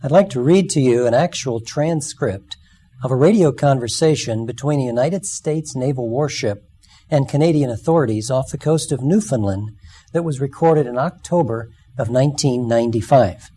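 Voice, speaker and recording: A man's voice: medium pitch, normal speed, warm tone, husky. A man giving a sermon, telling stories and acting out the quoted lines. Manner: storytelling, acts out quoted lines. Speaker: speaker.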